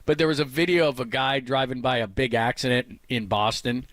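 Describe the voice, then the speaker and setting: A sports radio host from the Bay Area, chatting casually at a studio mic and breaking into laughter as he reads items out. His voice is close and dry, sitting at an ordinary male pitch. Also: steady tone, a little fast, fairly bright tone, no room sound. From San Francisco Bay Area. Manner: laughs often, reads lists aloud.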